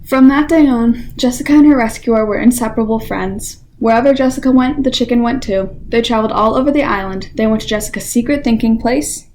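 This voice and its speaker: A teenage girl volunteer reading a children's picture book aloud with expressive storytelling. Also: fairly high pitch, a little fast, hardly any pauses, slight background noise. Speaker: library volunteer reader.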